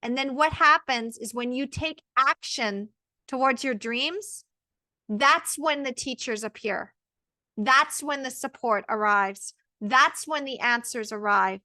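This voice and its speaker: A woman's voice: high voice, slow, sharp tone, no room sound. A woman in her thirties, a birth coach, telling her story in an earnest, emphatic monologue full of quoted self-talk. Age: 30s. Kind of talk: personal motivational monologue.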